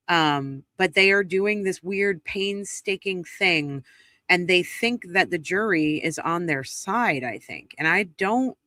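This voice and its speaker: Blunt, bright-voiced woman host. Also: on the low side, no room sound. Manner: blunt, indignant, swears freely. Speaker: trial recap host. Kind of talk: casual spoken commentary.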